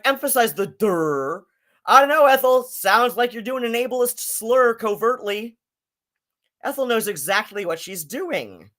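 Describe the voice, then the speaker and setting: A man's voice: high voice, a bit bright. A man hosting a casual live-stream commentary, rambling and swearing, with many fillers and restarts.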